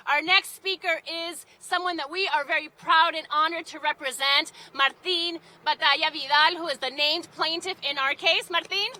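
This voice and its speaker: A woman emceeing an outdoor rally, briskly introducing speakers and mixing in Spanish phrases. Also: high voice, fairly even intonation, pushed and bright. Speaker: rally emcee, legal advocate. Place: outdoors outside a courthouse.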